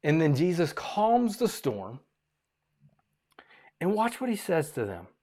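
A man preaching a sermon as pastor, animated and repeating phrases for emphasis. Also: fairly high pitch, takes it slowly.

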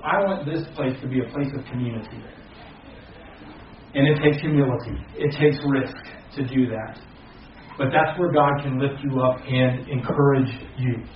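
A man preaching earnestly as pastor to a small congregation, rising loud and then dropping to soft, slow phrases. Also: medium pitch, fairly even intonation, a little hiss or hum. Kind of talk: sermon. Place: church hall with a small congregation. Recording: very echoey, distant and muffled hall recording.

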